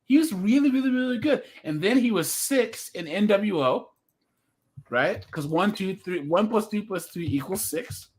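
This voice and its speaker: A man with a husky, slightly raised voice talks in a casual livestream chat. He rambles on emphatically and keeps checking in with "right?". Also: high voice, lively intonation, moderate pace, darkish tone.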